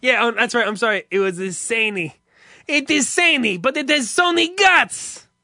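A man voicing a shady male electronics vendor on speakerphone, with drawn-out, singsong sales patter. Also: extremely high pitch, creaky, sharp tone, dry recording, studio quality, voice pushed up, exaggerated voice. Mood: smooth-talking.

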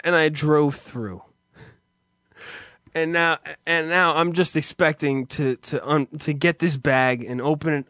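Man, high voice, profane rambling storyteller, dry close recording. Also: fairly bright tone, dry recording. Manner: rambling with restarts and heavy swearing. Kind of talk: profane comic anecdote.

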